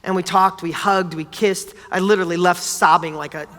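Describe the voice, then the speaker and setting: Animated man telling stories in a reverberant hall. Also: high-pitched, a little fast. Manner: animated, casual, blunt, with mild swearing. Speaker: motivational speaker. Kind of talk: motivational talk with personal stories.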